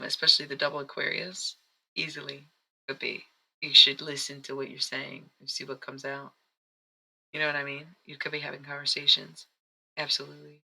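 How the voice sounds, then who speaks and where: Streaming psychic reader, rambling chat with a gravelly, sharp edge to the voice. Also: mid-range voice, poor audio. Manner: rambling, chatty, self-interrupting. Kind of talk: casual live-stream chat.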